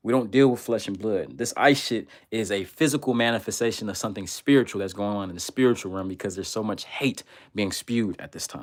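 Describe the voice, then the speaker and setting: On a livestream, a man reads out viewer comments and rants, hurling loud, profane insults over and over. His voice is mid-range and his delivery brisk.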